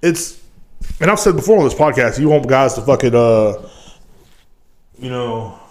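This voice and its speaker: A man's voice: medium pitch, lively intonation, measured pace. A young man hosting his own podcast, ranting in a crude, rambling and profane way. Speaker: podcast host. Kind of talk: casual rant.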